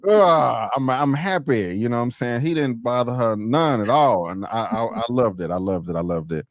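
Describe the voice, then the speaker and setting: A man's voice: medium pitch, lively intonation, fairly quick. A man co-hosting a casual TV recap, talking in a laid-back, slangy way. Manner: laid-back slangy talk, does exaggerated voices. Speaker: co-host reviewing a TV episode.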